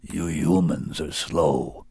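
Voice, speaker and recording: A massive, blunt male beast from a spoken story, his words coming low and unhurried, each one clipped and gruff, as a narrator puts him on. The voice sits very deep, and it sounds close and dry with no room around it. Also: fairly even intonation, darkish tone, no echo, full character voice.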